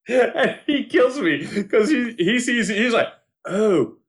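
A man chatting casually and recapping a TV show, animated, acting out quotes, swearing freely and laughing often. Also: extremely high pitch, very slow.

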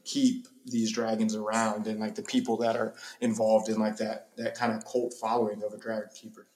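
A man's voice: lowish voice, little pitch movement, moderate pace, darkish tone, echoey room. A man talking in a chatty, analytical way with some slang and swearing, as a podcast co-host. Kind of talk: casual chat.

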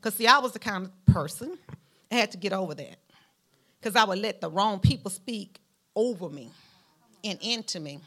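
A woman's voice: moderate pace, long pauses. A woman with a Southern Alabama drawl preaching a sermon, folksy and emphatic, talking straight to her congregation. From Mount Vernon, Alabama, US. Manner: animated preaching with a lively pitch, rising to emphatic peaks; folksy, speaks directly to the congregation.

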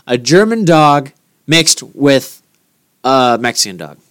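A man's voice: medium pitch, very animated, slow pace, fairly bright tone, clear, resonant tone. A man co-hosting a podcast, joking and teasing in casual banter. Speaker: podcast co-host. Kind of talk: casual chat.

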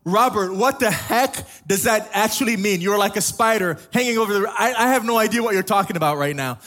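A man's voice: high voice, brisk, a bit bright. A man voicing a baffled, blunt man from a big city who is questioning a friend.

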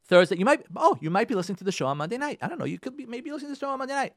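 A man's voice: extremely high pitch, big pitch swings, very fast, no room sound, clean studio sound. A middle-aged man hosting a radio show, giving an emphatic inspirational religious talk that repeats phrases and speaks straight to listeners.

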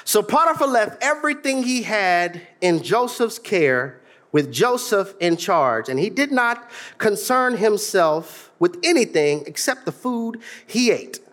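High-pitched, lively preaching man. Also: unhurried. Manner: preaching with humor and sudden shouts, mimicking voices. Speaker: pastor. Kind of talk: sermon.

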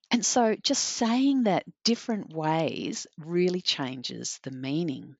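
A woman's voice: fairly low pitch, animated, slow pace, hardly any pauses, darkish tone, no echo. A woman as a podcast guest, sharing practical examples in a friendly, anecdotal way. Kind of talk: podcast chat. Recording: dry, slightly dull lo-fi recording.

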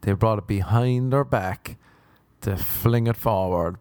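A man's voice: on the low side, slow, a little mellow, clean tone, no room sound. A young man hosting a podcast, rambling through comic stories with plenty of swearing. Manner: rambling, swearing, jumps between silly impressions. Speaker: podcast host.

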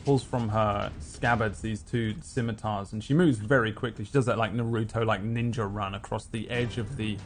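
A man narrating as game master, relaxed and halting, with plenty of fillers and made-up sound effects. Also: on the low side, soft background music.

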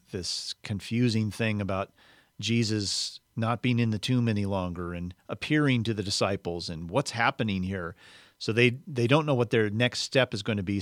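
Low-voiced man preaching conversationally. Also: fairly bright tone, no room sound, clean studio sound. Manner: conversational, explanatory teaching. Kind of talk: sermon explaining a Bible passage.

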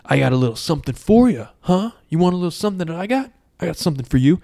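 A man voicing a cocky, bumbling loudmouth who is boastful and then cowardly, with shouty taunts and high-pitched yelps. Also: rapid-fire, natural voice. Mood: taunting.

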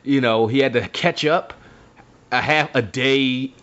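A man's voice: medium pitch, a little slow. A man co-hosting a casual chat, animatedly recapping a book and acting out lines from it. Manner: animated retelling, acts out characters' lines. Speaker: podcast co-host recapping a book. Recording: dull lo-fi audio.

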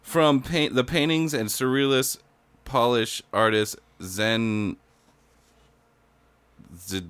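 A man's voice: medium pitch, fairly even intonation, slow pace, pauses often, a bit bright, clean tone, dry recording. A man co-hosting a casual podcast, laid-back and giggly, often trailing off mid-thought. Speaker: podcast co-host. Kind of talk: casual horror news chat.

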